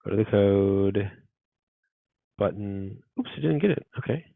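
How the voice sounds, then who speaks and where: A man with a low, gravelly voice, teaching a coding class and working through each step out loud. His muttered asides sound dry and tinny, as if picked up over a phone line. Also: expressive, unhurried, no echo. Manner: thinks aloud, muttering asides. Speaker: university instructor. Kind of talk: live coding lecture.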